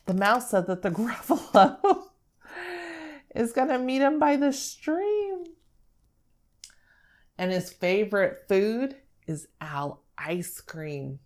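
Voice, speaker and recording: A young woman speech therapist explaining how to model language during a read-aloud, in an animated teaching manner. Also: mid-range voice, takes it slowly, long pauses. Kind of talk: instructional talk with read-aloud.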